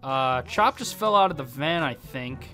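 A young man commentating his own game play, excitable and quick to laugh, yelping when surprised. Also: mid-range voice, soft background music. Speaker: gaming YouTuber.

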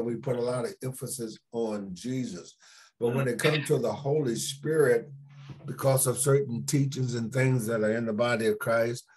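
A man of ordinary pitch leading a church Sunday school lesson. He talks in an unhurried way, leans on repeated words for emphasis and stops to ask the class questions. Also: husky. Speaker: pastor teaching Sunday school.

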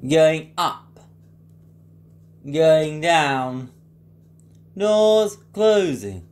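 A man imitating a slow, flat old lift announcer. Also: on the high side, pitched above the performer's own voice. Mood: flat announcing. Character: older automated lift announcer voice, flat and measured.

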